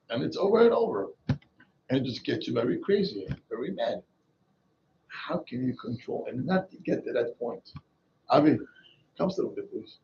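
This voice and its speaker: A rabbi teaching an informal Torah class, switching between Hebrew and English in an animated way. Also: fairly high pitch, lo-fi sound, a little hiss or hum. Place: small synagogue class with people present.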